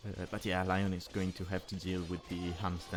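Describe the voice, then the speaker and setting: Low-voiced caster. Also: male voice, little pitch movement, moderate pace. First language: Italian. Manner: thinking aloud, restarting words mid-phrase. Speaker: esports caster. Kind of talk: live strategy game commentary.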